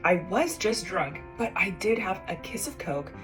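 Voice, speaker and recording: Bright-voiced young woman telling a story. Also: unhurried, soft background music. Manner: animated and self-mocking, acts out dialogue with big jumps in pitch. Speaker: comedian telling a personal story. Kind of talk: casual storytime monologue.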